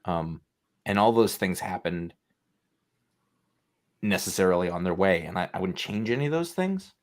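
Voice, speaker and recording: A man's voice: sits low, expressive, normal speed. A middle-aged man co-hosting a podcast in casual chat, talking in a thoughtful, digressive way. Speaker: podcast co-host.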